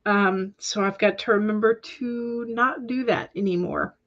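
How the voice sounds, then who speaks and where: A woman's voice: mid-range voice, a little slow, lo-fi sound. A woman hosting a casual livestream chat, talking in a chatty, hesitant way with many ums and small laughs. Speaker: livestream host of writing sprints.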